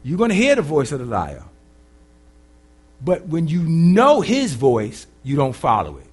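A man preaching as a pastor, swinging from loud emphatic lines to quiet, casual, humorous asides. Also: on the high side, wildly swooping pitch, measured pace, breathy edge. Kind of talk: sermon.

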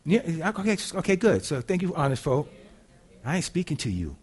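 Husky preacher swinging loud to hushed. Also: male voice, on the high side, big pitch swings, moderate pace. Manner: casual folksy delivery. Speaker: pastor. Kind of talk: sermon.

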